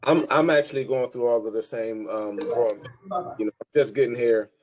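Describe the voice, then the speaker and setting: A man, a new sales agent, talking on a video call from an office, halting and restarting as he speaks. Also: medium pitch, steady tone, low-quality recording. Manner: halting, restarts often with fillers. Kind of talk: casual talk on a video call.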